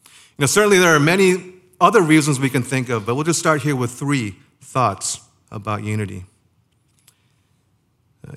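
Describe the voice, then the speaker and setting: A pastor with a medium-pitched, fairly bright voice gives a conversational sermon. He puts rhetorical questions to his listeners, easing his pace to emphasize key phrases.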